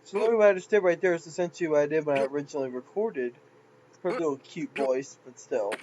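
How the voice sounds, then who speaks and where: Man doing let's play commentary. Excitable, with a high voice that swings wildly. Yelps at scares over faint background noise. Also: fairly quick, highs cut off. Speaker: gameplay commentator.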